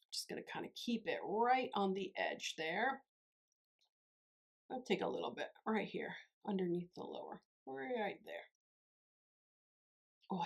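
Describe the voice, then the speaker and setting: A woman chatting her way through a makeup tutorial, gushing and talking straight to her viewers. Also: mid-range voice. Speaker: beauty vlogger. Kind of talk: casual makeup tutorial chat.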